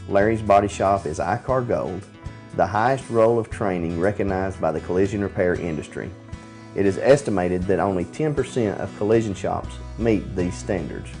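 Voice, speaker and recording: A man's voice: sits low, normal speed, darkish tone, faint music behind. A man, a shop manager reading a scripted radio ad in a plain way. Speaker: business manager in an ad.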